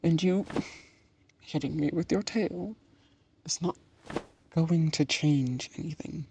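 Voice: mid-range voice, takes it slowly, dark tone, slight background noise, close to an everyday voice. A voice actor in an audio role-play, playing a patient, teasing partner who calls the listener darling.

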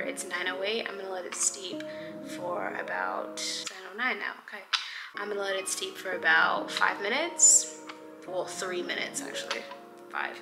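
A woman casually chatting and rambling playfully as she makes tea at home for her vlog. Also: medium pitch. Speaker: lifestyle vlogger. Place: home kitchen, indoors. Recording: roomy home echo with background music. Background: music playing.

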